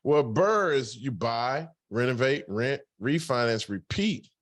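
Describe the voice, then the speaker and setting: A man in his forties hosts a live podcast chat with a middle-range voice. He talks in an animated, joking way and laughs easily. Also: medium pitch, takes it slowly, no echo. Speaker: podcast host and real estate investor.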